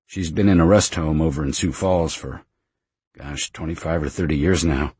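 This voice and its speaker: A man's voice: very deep voice, steady tone, normal speed, darkish tone, slightly rough, dry recording, full character voice. A man voicing a frank, worldly middle-aged mother who speaks in a matter-of-fact, wry way in a storybook reading.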